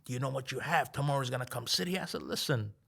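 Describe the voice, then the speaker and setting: Podcast guest: a man with a raspy, gravelly voice who tells animated stories and acts out the dialogue. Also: mid-range voice, quick pace. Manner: animated, acts out quoted dialogue, laughs often. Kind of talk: casual storytelling chat.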